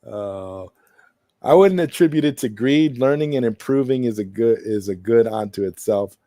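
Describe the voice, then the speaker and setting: A man's voice: mid-range voice, lively intonation, moderate pace, warm tone, dry recording, clean studio sound. A man hosting a casual live stream, rambling through his points with many restarts and greeting viewers in the chat.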